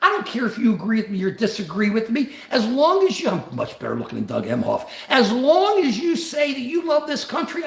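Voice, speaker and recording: A man hosting a political livestream, emotional and emphatic, repeating himself, answering viewers' comments by name and yelling at times. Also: very high voice, vocal fry. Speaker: livestream host. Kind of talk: impassioned political livestream rant. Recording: roomy echo.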